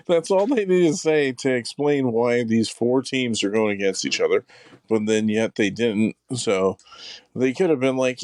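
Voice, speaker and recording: A man's voice: medium pitch, measured pace, a little mellow, dry recording. A man co-hosting a podcast in casual chat, rambling with lots of fillers and acted-out asides. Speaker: podcast co-host.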